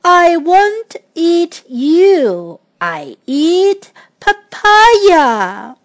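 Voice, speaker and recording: A woman doing a hungry slow-talking dinosaur. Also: very high-pitched, very animated, exaggerated voice. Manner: slow, drawn-out, emphatic words. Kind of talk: children's storybook reading.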